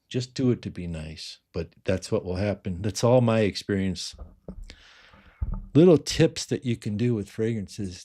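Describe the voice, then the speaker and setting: A middle-aged man who sells fragrances, chatting casually on a livestream and rambling through viewer questions with many quiet asides. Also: on the low side, breathy edge. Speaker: fragrance seller answering live chat.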